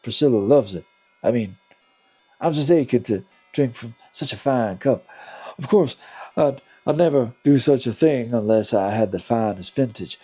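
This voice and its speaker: A man voicing a loud male tavern barkeep in a game, with an attempted drawl in the style of a famous singer. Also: medium pitch, lively intonation, moderate pace, husky, faint music behind. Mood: boastful.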